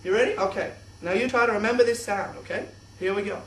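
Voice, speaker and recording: A young man presenting a kids' science show in an exaggerated, excitable host voice. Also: sits high, fast. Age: young adult. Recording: echoey room, distant mic.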